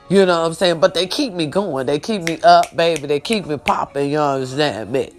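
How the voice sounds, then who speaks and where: This woman, an online show host, has a deep voice and talks a little fast with few pauses over faint background music. During a heartfelt, casual livestream she speaks straight to her audience, repeats her words, and fights tears while honoring God and her family.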